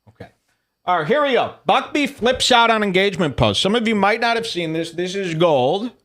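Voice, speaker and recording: A man's voice: high voice, big pitch swings, moderate pace, fairly bright tone. A man hosting a casual livestream, rambling and mocking as he reads out posts. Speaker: show host.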